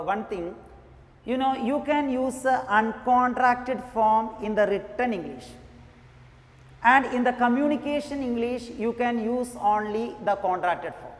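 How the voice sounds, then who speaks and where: A woman teaching an English grammar lesson, talking slowly, repeating each example and saying "you know" often. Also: medium pitch. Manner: slow, repetitive, says "you know" often. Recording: echoey room with long reverb.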